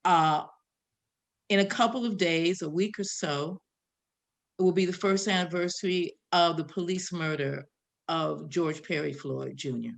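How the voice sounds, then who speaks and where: Casting: older woman host, Chicago accent, gravelly, reflective, riffing. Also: on the low side, steady tone, measured pace. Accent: South Side Chicago. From American Midwest. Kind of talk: hosting an online panel.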